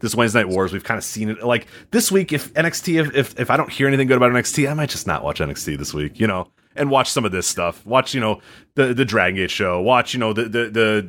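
Male co-host, low voice, quick and lively, animated chatter full of fillers. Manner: animated, filler-heavy, laughs easily. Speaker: podcast co-host. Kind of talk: casual wrestling podcast chat.

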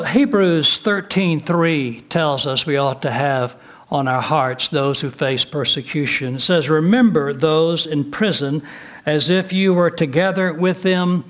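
An older man, a retired pastor, preaching a sermon in a folksy way with gentle humor and frequent filler words. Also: a little high.

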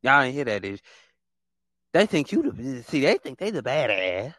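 A podcast host delivers a casual monologue, animated and repetitive, slipping into quick put-on voices to act out other people. His voice is medium-pitched and there's no echo.

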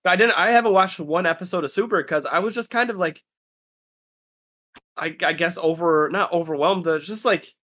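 A man's voice: high voice, normal speed, sharp tone. A man chatting casually about anime in a laid-back, rambling way, acting out what friends said.

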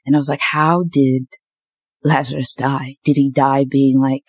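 A woman's voice: rumbling low, flat delivery, measured pace, breathy edge, no room sound. A young woman telling a candid personal faith story in casual chat, with frequent ums and likes. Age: young adult. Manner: candid, faith-filled storytelling with lots of fillers. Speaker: podcast host.

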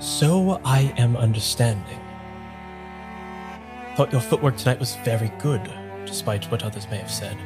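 A man voicing a stiff, calculating gentleman lieutenant who speaks formally and deliberately. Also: medium pitch, music in the background, close to an everyday voice. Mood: scheming. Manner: formal, measured and scheming.

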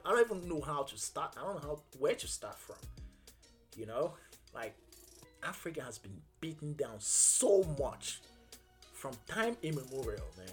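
A young adult man hosting a casual solo podcast, earnest and halting, with many fillers and restarts. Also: a little high. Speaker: podcast host.

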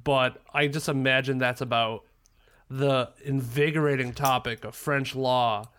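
A man's voice: medium pitch, steady tone, a little slow, a bit bright, clean tone. Rambling man laughing on a podcast. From New York State, US. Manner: rambling, laughing, crude jokes. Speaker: podcast co-host. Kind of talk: casual chat.

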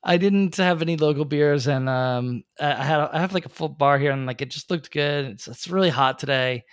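A man's voice: fairly high pitch, normal speed, clean tone, no room sound, clean studio sound. A man co-hosting a casual podcast, explaining things at length in a chatty way with many fillers. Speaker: podcast co-host.

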